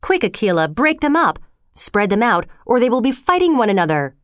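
A woman's voice: mid-range voice, normal speed, smooth, no room sound, clean studio sound, close to an everyday voice. A woman voicing a bold jungle boy who commands wolves, calling out urgent orders in a raised voice. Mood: shouting.

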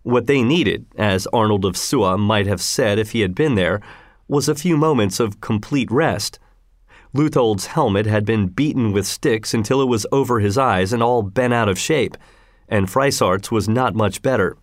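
A man narrating a story as an audiobook, reading in a lively, expressive way. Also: lowish voice, normal speed, dry recording, clean studio sound.

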